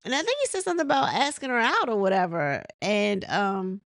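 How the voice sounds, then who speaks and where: A woman's voice: medium pitch, animated, fairly quick, vocal fry, fairly bright tone, dry recording. Lady rambling thru a reality tv recap, lots of ums, laughing at the cast, dry room. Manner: rambling, laughs and mimics cast members' lines; many fillers and restarts. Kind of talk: casual chat recapping an episode.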